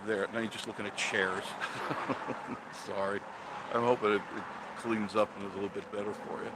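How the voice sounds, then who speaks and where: A man's voice: fairly low pitch, level tone, normal speed, very noisy. An older man hosting a casual live stream outdoors on his phone, greeting viewers by name as he chats. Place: outdoors by a roadside attraction. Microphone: phone held for a live stream.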